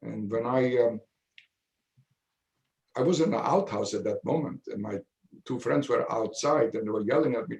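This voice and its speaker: Elderly man with a mother tongue, halting. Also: medium pitch, expressive, darkish tone, echoey room. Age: 90s. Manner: halting, measured storytelling with many pauses. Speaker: Holocaust survivor speaking to students. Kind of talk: personal testimony in a video Q&A. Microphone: video call.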